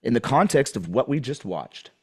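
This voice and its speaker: A man's voice: medium pitch, sing-song, normal speed, darkish tone, slightly rough. A man questioning an officer in a deposition, pointed and pressing, repeating his questions.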